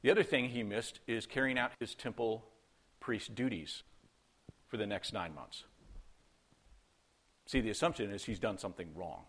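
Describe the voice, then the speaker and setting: A man's voice: fairly low pitch, moderate pace, long pauses, fairly bright tone, slightly rough. Male pastor, conversational sermon delivery, rhetorical questions, dramatized quotes.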